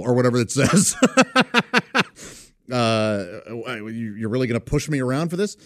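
A man's voice: mid-range voice, animated, a little fast, darkish tone, no room sound, clean studio sound. A man in his forties telling rambling, self-deprecating stories in a casual chat, often laughing as he goes. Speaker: storyteller. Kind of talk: casual anecdote.

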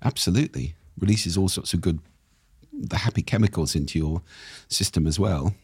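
A man, a speaking coach, explaining in conversation with lively, demonstrative intonation and a husky voice. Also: sits low, moderate pace, dry recording, studio quality.

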